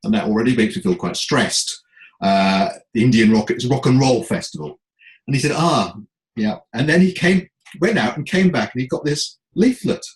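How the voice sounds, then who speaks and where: Middle-aged man, lively self-deprecating raconteur, mid-pitched, roomy echo. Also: a little fast. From England. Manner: animated, acts out voices, self-deprecating. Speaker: guest, comedy writer and speaker. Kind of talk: anecdotal storytelling.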